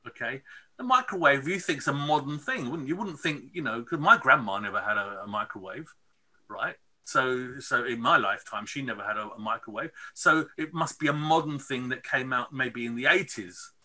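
A man's voice: medium pitch, lively intonation, moderate pace, bright, forceful tone. A middle-aged man, telling stories expressively as an interview guest and checking in with "okay?" and "right?". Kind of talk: animated storytelling.

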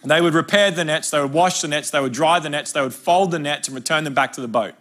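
Bright-voiced Australian man preaching. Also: a little high, quick pace. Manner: conversational, humorous storytelling preaching. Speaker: pastor. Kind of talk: sermon.

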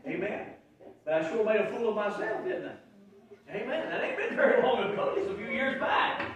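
A male pastor, preaching a folksy sermon that swells into shouted emphasis. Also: high-pitched, big pitch swings, normal speed. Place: church sanctuary. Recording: very echoey room, from far off.

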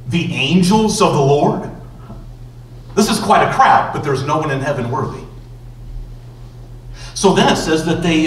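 A male pastor preaching a sermon slowly and emphatically, with dramatic pauses. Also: fairly high pitch, fairly bright tone, a little hiss or hum. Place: church sanctuary. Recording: roomy church echo from far off.

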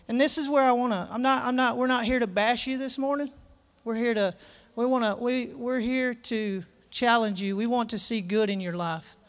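A man's voice: very high voice, steady tone, moderate pace, a bit bright. A man preaching a sermon in a church service, folksy and earnest, reading scripture aloud with emphasis.

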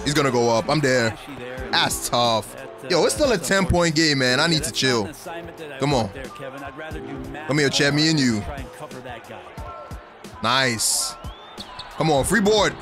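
A young man giving excited commentary on his own basketball video game play, hyped and laughing at the plays, with game music behind him. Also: fairly high pitch, measured pace, long pauses. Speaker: gaming YouTuber.

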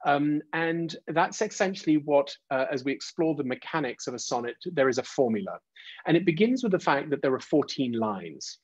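Male webinar presenter, husky voice, lots of fillers, dry lo-fi call audio. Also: a little high, expressive, normal speed, no room sound. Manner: frequent "uh" and "um", restarts; taps out rhythms aloud. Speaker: presenter leading a teacher training webinar. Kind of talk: informal online lecture.

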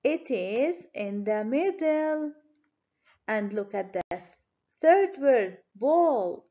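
A woman teacher giving a children's phonics lesson, speaking clearly and encouragingly. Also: fairly high pitch, animated, dark tone, dull audio. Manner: slow, clear, encouraging classroom delivery.

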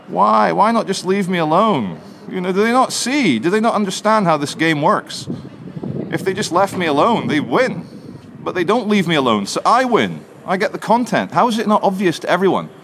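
A man with a high, lively voice argues cheekily and stubbornly with security guards while filming outdoors. His pitch swings widely as he talks. Faint street noise sits behind him. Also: normal speed. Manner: cheeky, argumentative, animated. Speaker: street filmmaker. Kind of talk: confrontational street chat. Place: outdoors in a city plaza.

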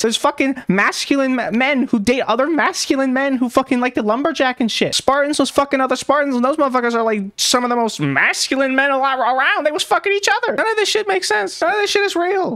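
A woman in her twenties tears into a clip in a fast, sweary rant. Her delivery is mocking and blunt. The sound is dry and close, with no room around it. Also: a little high, a bit bright, dry recording. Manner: ranting, heavy swearing, mocking. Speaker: commentary vlogger. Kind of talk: profane reaction commentary.

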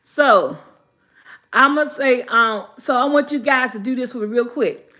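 A woman's voice: fairly high pitch, unhurried, bright, forceful tone. An older woman hosting a casual live vlog, chatting with viewers, reading their comments aloud and laughing often. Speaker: vlogger.

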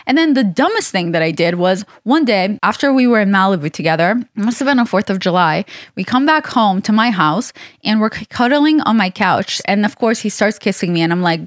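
A young adult woman hosting a podcast, telling a personal story in an animated, laughing, expressive way. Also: mid-range voice, fairly quick, no echo, studio quality. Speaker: podcast host. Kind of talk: casual storytelling chat.

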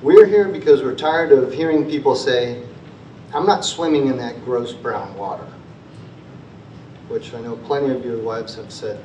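A man's voice: mid-range voice, a little slow, mellow, a little hiss or hum. Earnest man in echoey auditorium. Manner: earnest, repetitive rallying phrases. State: choked up with emotion at times. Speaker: resident presenter at a town meeting. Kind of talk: prepared public presentation. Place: school auditorium. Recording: roomy, distant, dull auditorium recording.

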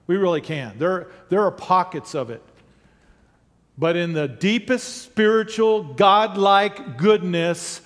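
High-voiced man preaching in a reverberant church. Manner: emphatic preaching with rhetorical questions to the congregation. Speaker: pastor. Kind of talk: sermon. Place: church sanctuary.

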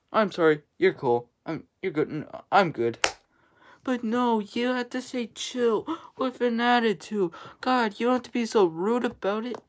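Slow-talking ranting woman vlogger. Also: on the high side. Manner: annoyed, ranting, swearing. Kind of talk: ranting vlog.

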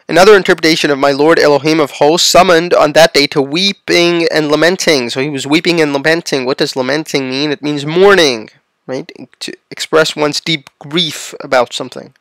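A man with a slightly high, fairly bright voice reads a religious text aloud at normal speed with fairly even intonation, on a dry recording. Acting as a religious lecturer, he follows passages with plain explanatory asides and checks in with listeners using "right?" and "okay?"

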